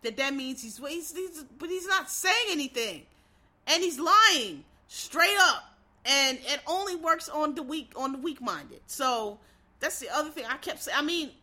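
Blunt, bright-voiced woman ranting. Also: high-pitched, expressive, measured pace. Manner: blunt, profane, emphatic. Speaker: political commentator. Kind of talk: casual political commentary rant.

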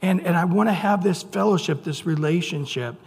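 A male pastor preaching a sermon in a conversational, joking way, reading scripture slowly and with emphasis. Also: high voice, creaky, darkish tone, breathy edge. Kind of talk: sermon with humorous asides. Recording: long reverb in a large hall.

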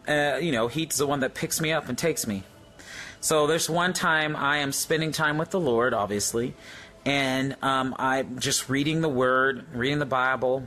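Bright-voiced man telling a vivid testimony. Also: mid-range voice. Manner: excited, full of restarts and fillers. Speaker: speaker sharing testimony. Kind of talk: casual testimony.

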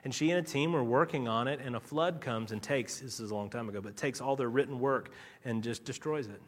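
Bright, forceful male preacher. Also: on the high side, fast talker. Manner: dramatic, swings between loud urgency and hushed softness; leads prayer. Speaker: pastor. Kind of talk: sermon.

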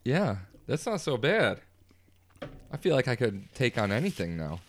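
A man's voice: medium pitch, big pitch swings, moderate pace, slight background noise. A young man in casual chat during a hot sauce challenge, sweating from the heat, joking, laughing and swearing. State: sweating from spicy food.

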